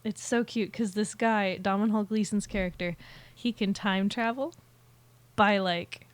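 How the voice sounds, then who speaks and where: A young woman talks easily about a favorite movie, pausing on ums and short agreeing sounds. Her voice sits in a middle pitch and is recorded dry and close. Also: no echo. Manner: relaxed, fills pauses with "um" and short agreeing sounds. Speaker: podcast co-host. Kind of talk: casual chat about movies.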